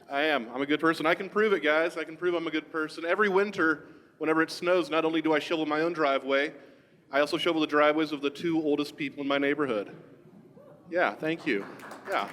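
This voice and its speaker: Deadpan male comedian in a hall. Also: a little high. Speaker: stand-up comedian. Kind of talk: stand-up comedy. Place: historic theater stage with live audience. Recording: theater hall reverb.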